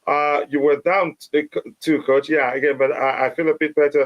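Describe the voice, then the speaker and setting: Man losing his voice, halting host. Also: on the high side, level tone, dull audio. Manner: hesitant, many fillers and restarts. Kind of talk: casual live stream chat.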